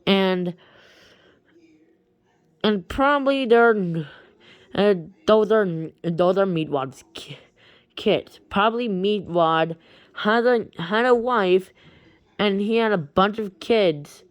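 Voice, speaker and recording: A woman casually retelling a strange story, halting often and restarting her sentences. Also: medium pitch, no room sound, muffled recording. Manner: halting, with many restarts and repeated words.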